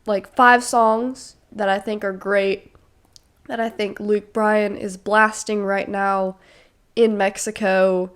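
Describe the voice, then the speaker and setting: A woman's voice: medium pitch, fairly even intonation, slow pace. Chatty young woman podcast host. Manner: chatty, enthusiastic fan talk with fillers. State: slightly sick. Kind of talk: casual solo podcast chat.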